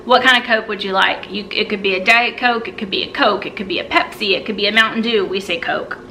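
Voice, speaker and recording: A woman's voice: mid-range voice, quick pace, pushed and bright, slight background noise, poor audio. A woman in her thirties from South Carolina with a Southern US accent, chatting through an accent tag video and repeating words aloud. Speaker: vlogger. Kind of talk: casual accent tag vlog.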